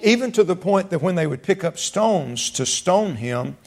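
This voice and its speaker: A man's voice: sits high, lively intonation, moderate pace, darkish tone. A man preaching a sermon as pastor, folksy, repeating words and rising for emphasis.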